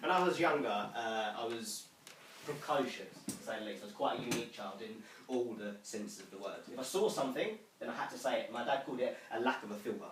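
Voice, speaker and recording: A young man telling self-mocking comic stories to a small audience in a living room, animated and lively. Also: mid-range voice, quick pace, distant mic. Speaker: storyteller. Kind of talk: comic storytelling to a home audience. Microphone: far camera. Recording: roomy room from afar, faint noise.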